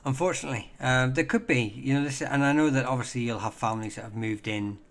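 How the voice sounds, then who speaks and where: A man hosting a casual live stream, answering viewer questions in a halting way, full of ums and restarts, chatty and self-deprecating. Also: mid-range voice, fairly even intonation, a bit bright.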